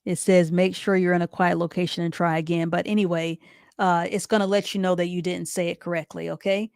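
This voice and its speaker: A woman teaching a live online reading class, patiently repeating each explanation step by step and reading sentences out slowly. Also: fairly low pitch, flat delivery, gravelly, darkish tone, clean tone, dry recording, studio quality. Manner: reads sentences out slowly and deliberately.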